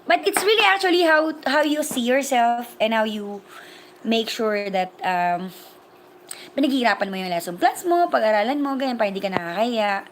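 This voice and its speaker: A woman's voice: fairly high pitch, animated, brisk, a little hiss or hum. A woman from the Philippines with a Filipino accent, hosting a livestream chat, switching between English and Tagalog as she talks and reads viewer comments. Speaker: livestream host and language teacher.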